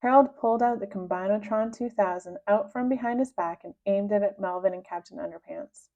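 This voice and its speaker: A woman reading a children's book aloud with expressive, lively narration. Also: normal speed. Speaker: reader. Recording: dull low-fidelity sound.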